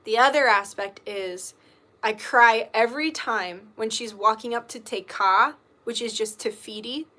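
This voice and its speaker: Doing tarot readings on a casual livestream, a woman chats in a rambling way, heavy on filler words with the odd swear. Her voice is on the high side and sharp in tone, at a measured pace.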